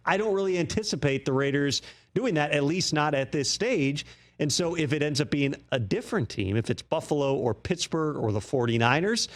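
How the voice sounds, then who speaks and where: A man guest-hosting a sports talk show, breaking down trade news in a measured, analytical way. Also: a little high. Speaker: guest host.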